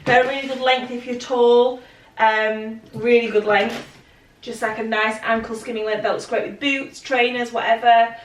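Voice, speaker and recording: A woman's voice: fairly high pitch, little pitch movement, normal speed. A young woman chatting casually in a try-on vlog, repeating "really" for emphasis. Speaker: fashion vlogger. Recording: roomy and distant with faint noise.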